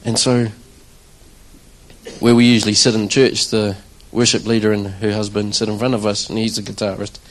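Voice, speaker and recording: A man's voice: on the low side, normal speed, poor audio. A man, a church drummer, telling a conversational testimony to a congregation and acting out his own reactions. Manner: conversational, animated storytelling with acted-out quotes.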